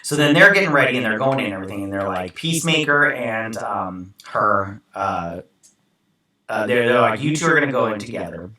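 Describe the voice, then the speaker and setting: A man's voice: on the low side, animated, fairly quick, sharp tone, heavy reverb, recorded from a distance, low-quality recording. A man hosting a casual episode recap, rambling with many fillers and acting out the characters' lines. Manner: rambling, filler-heavy, acts out quoted lines. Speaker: show host recapping an episode.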